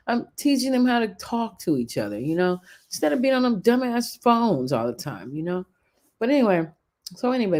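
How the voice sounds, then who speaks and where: A woman in her thirties hosting a show, talking bluntly and with profanity in casual storytelling. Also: medium pitch. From California. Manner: blunt, profane, animated storytelling with acted quotes. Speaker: show host. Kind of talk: casual opinion talk.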